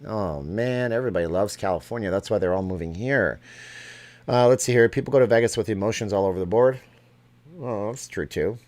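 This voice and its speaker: Middle-aged guy rambling through viewer questions on a live stream, kinda low voice. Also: brisk, a little mellow. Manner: chatty, reads viewer questions aloud and answers offhand. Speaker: live stream host answering chat. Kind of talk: casual live chat.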